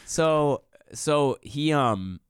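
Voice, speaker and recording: A man, a comedian guest on a podcast, telling a story in an animated, profane, rambling way full of "like". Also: a little high, very slow, clear, resonant tone, dry recording, clean studio sound. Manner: animated and profane, frequent "like" fillers. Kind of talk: casual storytelling.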